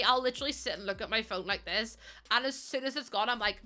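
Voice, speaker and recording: A woman's voice: a little high, very fast, bright, forceful tone. A young woman, chatting casually and laughing with her stream chat, self-mocking and breaking into song. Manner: chatty, giggly, self-mocking, sings snatches of songs.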